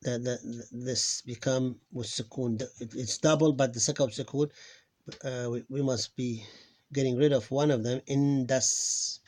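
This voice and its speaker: A man who is losing his voice, teaching a pronunciation lesson. He talks haltingly, repeats words and drills sounds slowly, clearing his throat now and then. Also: mid-range voice, steady tone, darkish tone. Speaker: Arabic teacher. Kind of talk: live online lesson.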